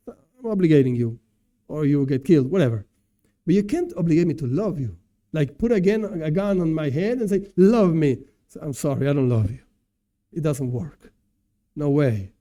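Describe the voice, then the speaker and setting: A man's voice: fairly high pitch, warm tone. A man teaching as a rabbi in a casual class with slides, talking loosely with many asides and repeated fillers, and chuckling at his own examples. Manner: casual and repetitive, peppered with "whatever" and "et cetera". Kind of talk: informal lecture with slides.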